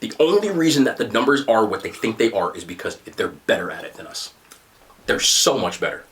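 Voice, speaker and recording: A young man with a New Jersey accent, telling stories in casual chat as a podcast host. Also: a little fast. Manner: animated storyteller, excited jumps in pitch.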